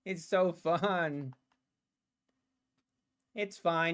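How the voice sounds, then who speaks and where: A man with a high-pitched voice talks slowly and loosely through a live trading stream. He teases the market in a sarcastic, playful tone and breaks into laughs often. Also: a bit bright. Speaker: day trader streaming live. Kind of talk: casual livestream commentary.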